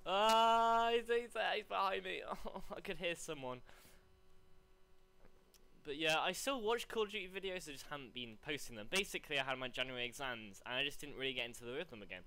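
A young man commentating live on his gameplay, rambling between chat and excited yelps. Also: mid-range voice, fast talker, smooth. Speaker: gaming commentator.

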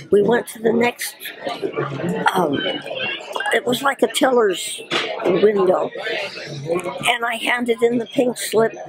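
Woman, 90s, lively storyteller who laughs often, with crowd murmur behind. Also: mid-range voice. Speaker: interviewee recalling her career. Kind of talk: storytelling reminiscence.

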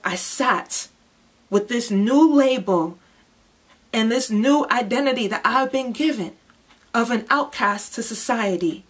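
A young woman giving an emotional personal testimony, moving between hushed, heavy moments and impassioned outbursts. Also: medium pitch, breathy edge. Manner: intense, swings from hushed to impassioned. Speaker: testimony speaker.

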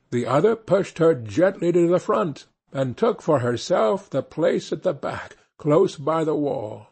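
A man reads a fairy tale aloud at an unhurried pace, his voice husky and breathy. His pitch rises and falls widely as he leans into the story's turns. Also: a little mellow. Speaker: audiobook narrator. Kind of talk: scripted fairy tale narration.

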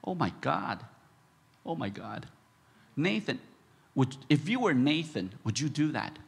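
A man preaching a sermon as pastor, halting with many fillers and restarts, then bursting into animated emphasis. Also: mid-range voice, vocal fry, slightly rough. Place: church sanctuary. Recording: echoey church hall.

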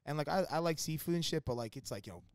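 Brief: young man, easygoing co-host, fast casual talk, dry room. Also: fairly high pitch, animated, a little mellow, clear, resonant tone, no echo. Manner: agreeable, laid-back, lots of fillers. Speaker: podcast co-host. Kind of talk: casual chat.

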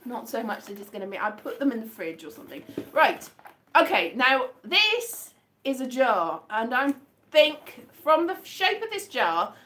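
A woman's voice: a little high, big pitch swings, measured pace, a bit bright, a little hiss or hum. A woman from the UK chatting casually in a vlog, rambling and amused with herself as she guesses mystery items by touch. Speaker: vlogger.

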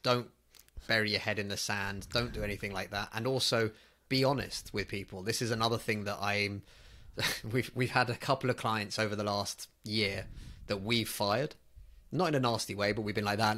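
A man's voice: fairly low pitch, steady tone, moderate pace, bright, forceful tone. A man hosting a digital marketing podcast, giving earnest, emphatic advice in casual conversation. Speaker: podcast host.

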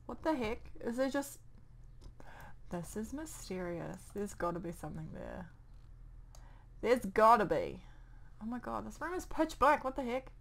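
A woman's voice: fairly high pitch, very animated, a little slow, gravelly, long pauses. Rambling, chatty New Zealand woman. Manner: rambling, chatty, mutters to herself. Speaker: gameplay commentator. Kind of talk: casual let's play commentary. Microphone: desk microphone.

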